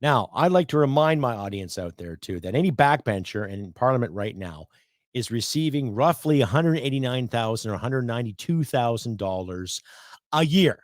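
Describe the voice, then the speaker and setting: A man in his fifties rants through a solo podcast, blunt, sarcastic and quick to swear. His voice sits at an ordinary middle pitch. The sound is dry and close. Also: animated, dry recording. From Canada. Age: 50s. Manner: blunt, profane, sarcastic ranting. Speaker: podcast host.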